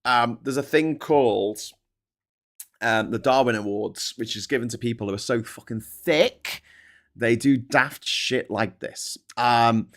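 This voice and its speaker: A man's voice: mid-range voice, unhurried, fairly bright tone. A man hosting a casual live-stream show, reading out news and commenting with sarcasm, swearing and many restarts. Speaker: host.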